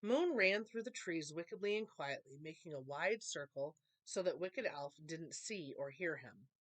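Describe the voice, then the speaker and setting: A woman reading a children's picture book aloud with expressive, animated storytelling. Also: deep voice, normal speed. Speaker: storytime reader.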